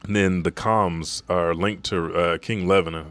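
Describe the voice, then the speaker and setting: A man's voice: deep voice, steady tone, moderate pace, few pauses, fairly bright tone, no echo. A man casually recapping and reacting to a manga chapter, with profane, rambling asides. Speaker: manga summary youtuber. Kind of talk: casual live reaction summary.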